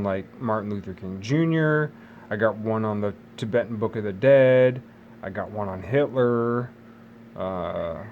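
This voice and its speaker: A man's voice: on the low side, a little mellow, a little hiss or hum. A man talking alone in a loose, rambling monologue, jumping between tangents and correcting himself as he goes. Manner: meandering, self-correcting, jumps between tangents.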